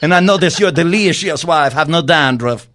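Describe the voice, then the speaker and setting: A man voicing a bumbling French president with a put-on French accent, halting and searching for words. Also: on the high side, expressive, fairly bright tone. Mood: mock-gallant.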